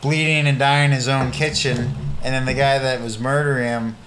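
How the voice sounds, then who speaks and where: A tired man co-hosting a podcast, talking in a low-key way and trailing off in casual banter. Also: fairly even intonation, moderate pace, background noise. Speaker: podcast co-host.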